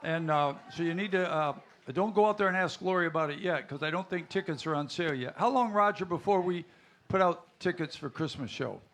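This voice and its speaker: A man's voice: a little high, fairly quick, fairly bright tone, a little hiss or hum. A man hosting a live country music show, rambling through stage banter and a joke with many uhs. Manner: rambling, many uhs, chuckles at own jokes. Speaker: stage show host and emcee. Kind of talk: joking stage banter with audience.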